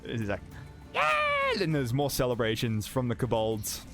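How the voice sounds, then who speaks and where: A man narrating as game master, with animated delivery and sound effects. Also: medium pitch, normal speed, faint music behind.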